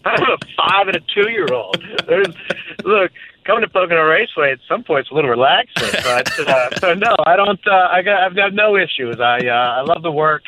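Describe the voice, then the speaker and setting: A man in his thirties with a Southern US accent, a guest talking casually over the phone in a relaxed, hesitant way with many fillers. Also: a little high, a little fast. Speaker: guest, track executive. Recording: tinny phone line.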